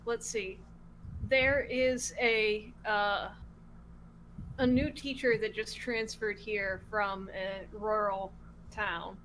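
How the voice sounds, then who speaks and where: A woman player in a tabletop game podcast, explaining at a measured pace in casual chat. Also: mid-range voice, steady tone, a bit bright, slight background noise, low-quality recording.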